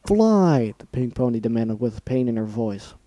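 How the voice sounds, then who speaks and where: A man's voice: medium pitch, level tone, moderate pace, warm tone, no room sound, highs cut off. A man reading a fan-fiction story aloud, stopping now and then to react with feeling. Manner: reads aloud, breaks off to react emotionally and swear. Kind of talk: dramatic reading with asides.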